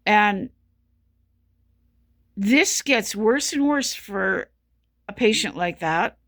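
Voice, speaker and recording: A woman's voice: mid-range voice, animated, extremely slow, fairly bright tone. A woman telling her own story as a patient, in an earnest, frustrated way and with lots of repetition. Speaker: patient sharing her experience. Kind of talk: casual spoken commentary.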